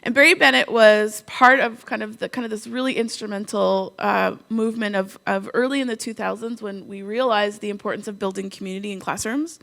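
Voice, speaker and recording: A woman from Canada giving a conference keynote, telling humorous, animated stories full of quoted asides. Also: medium pitch, fairly quick, creaky, few pauses. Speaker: keynote speaker.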